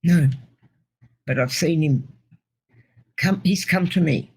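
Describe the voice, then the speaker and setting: Gravelly, husky woman. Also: deep voice, rough recording. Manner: earnest, halting storytelling. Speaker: interview guest. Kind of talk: personal testimony.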